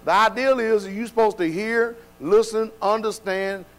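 A man preaching a sermon, dropping to quiet, low passages and then building to loud, shouted exhortation. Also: steady tone, moderate pace, rough recording.

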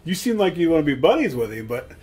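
Easygoing man with a lively voice. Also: on the high side, fast, husky. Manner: easygoing and often laughing. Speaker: podcast co-host. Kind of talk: casual chat.

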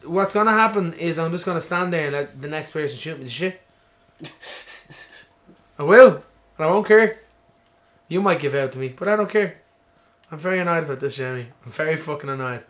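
Male co-host for casual gameplay chat, slightly high voice, playfully grumpy and profane. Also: expressive, fairly quick, pauses often, fairly bright tone. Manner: mock-annoyed, sweary, playful. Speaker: let's play co-host. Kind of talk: casual gaming commentary.

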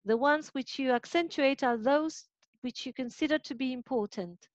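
A woman's voice: high-pitched, moderate pace, no room sound. A woman teaching phonetics in an online class, explaining step by step and rephrasing her points. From Argentina. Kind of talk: online lecture explaining intonation. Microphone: video call. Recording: muffled video call audio.

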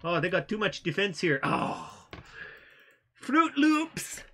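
A man's voice: high-pitched, normal speed, gravelly, bright, forceful tone, slight background noise. A middle-aged man, a father hosting a casual gameplay commentary with his daughter, goofy and playful, slipping into sing-song chants. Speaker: host.

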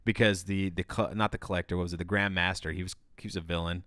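Deep-voiced hesitant man. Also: fairly even intonation, quick pace, fairly bright tone, no echo, studio quality. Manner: agreeable, hesitant, with restarts and fillers. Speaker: podcast co-host. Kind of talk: casual film review chat.

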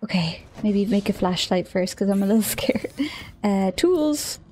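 A woman's voice: medium pitch, animated, unhurried, a little mellow, a little hiss or hum. A woman streamer chatting casually as she plays, thinking aloud, easily startled and often giggling.

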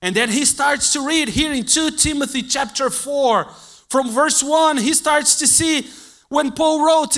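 A male preacher, not an English speaker, telling a funny travel story in a sermon and acting out the dialogue, swinging between loud outbursts and hushed asides. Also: extremely high pitch, measured pace. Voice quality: non-native English phrasing. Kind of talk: sermon with a humorous personal story.

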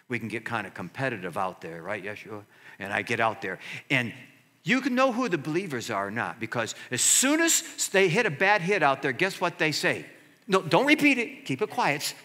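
A man in his sixties preaching a sermon as pastor, swinging between loud exclaiming and hushed asides. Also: mid-range voice, long reverb tail. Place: church sanctuary.

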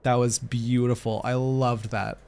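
A man streaming a live game reaction, emotional, expressive and joking. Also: mid-range voice, a little slow, gravelly, clear, resonant tone. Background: game music.

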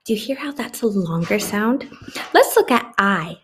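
A woman teaching a phonics lesson to young children, slowly and clearly sounding out each letter and word. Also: mid-range voice, animated, a bit bright, a little hiss or hum. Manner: slow, exaggerated sounding-out of letters. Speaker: kindergarten teacher.

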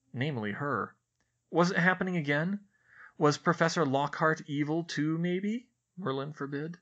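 A man reading a novel aloud as an audiobook narrator, expressive and animated. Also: mid-range voice, lo-fi sound.

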